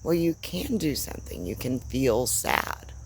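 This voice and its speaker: A woman giving a reflective spiritual talk, speaking gently and searchingly with long pauses. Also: extremely low pitch, big pitch swings, a little hiss or hum. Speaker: spiritual teacher. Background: faint crickets and insects.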